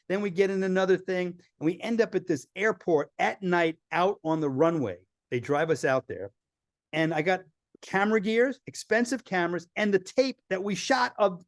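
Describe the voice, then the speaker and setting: Animated man telling travel stories. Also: sits high, dry recording, clean studio sound. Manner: animated storyteller acting out quoted voices. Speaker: filmmaker guest. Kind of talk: storytelling in a podcast interview.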